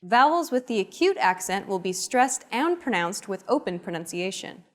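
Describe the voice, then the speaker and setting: A woman giving scripted explanations in a language lesson, in a plain, even tone. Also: medium pitch, normal speed, faint music behind. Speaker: narrator.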